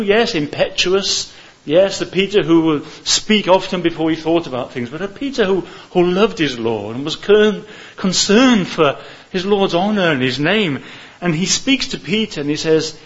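A man preaching a sermon in an earnest, measured way, often repeating words for emphasis. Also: on the high side, a bit bright. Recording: slightly muffled lo-fi recording.

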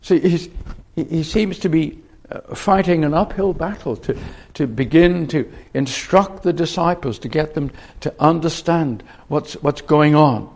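Male preacher, gravelly, slightly high, earnest, prone to restarts. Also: a little slow, darkish tone. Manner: earnest, with frequent restarts and repeated phrases. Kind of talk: sermon.

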